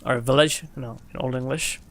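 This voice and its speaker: A man's voice: medium pitch, steady tone, fast talker, a bit bright. A young man streaming a game, chatting casually with his viewers, reading their messages aloud and laughing often. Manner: chatty, laughs often, reads and answers chat. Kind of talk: casual gameplay chat with viewers.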